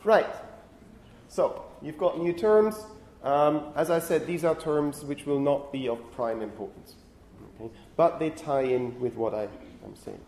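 Echoey lecture-hall man, mellow and raised. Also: fairly high pitch, unhurried. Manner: frequent "okay?" checks, stern with chatty students. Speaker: university lecturer. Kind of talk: phonetics lecture. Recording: echoey lecture hall, faint room noise.

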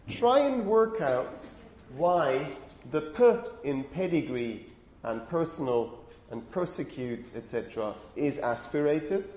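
A man's voice: on the high side, a little mellow. Man lecturing in an echoey classroom. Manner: explanatory, thinking aloud, frequent checks with students. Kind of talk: university lecture on phonetics. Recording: echoey classroom with faint ambient noise.

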